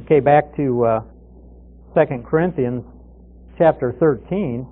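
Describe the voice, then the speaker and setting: A man's voice: medium pitch, unhurried. Man teaching scripture over a tinny line. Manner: conversational, poses questions and answers them himself. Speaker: Bible teacher. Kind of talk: expository Bible teaching. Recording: tinny phone-like radio broadcast.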